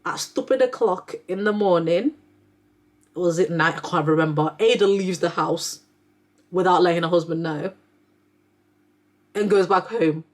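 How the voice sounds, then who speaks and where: A woman's voice: lowish voice, a little slow, pauses often. A young adult woman chatting casually about books she read, rambling and filling her talk with "like". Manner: chatty, rambling, heavy use of "like" fillers. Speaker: book reviewer, neonatal nurse. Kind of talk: casual book review chat.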